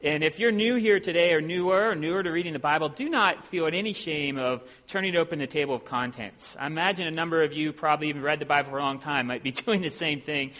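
A man from Ohio preaching as a visiting preacher, talking in a relaxed, self-deprecating way with plenty of ums. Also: a little high, fast talker, hardly any pauses. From Ohio, USA. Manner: conversational and self-deprecating, with many filler sounds. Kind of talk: sermon. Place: church sanctuary. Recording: long hall reverb in a church.

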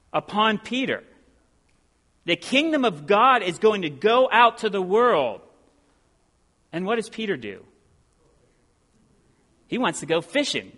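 A middle-aged man preaches a sermon in an earnest, emphatic way. His voice sits a little on the high side, and it climbs when he stresses a point. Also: bright, forceful tone. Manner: earnest preaching, rising emphasis on key phrases. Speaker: pastor.

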